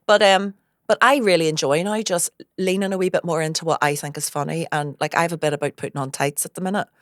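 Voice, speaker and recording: A woman hosting a podcast, chatting casually with quick asides and frequent laughter. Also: on the low side, fairly even intonation, no room sound, clean studio sound. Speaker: podcast host and stand-up comedian. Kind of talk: casual chat.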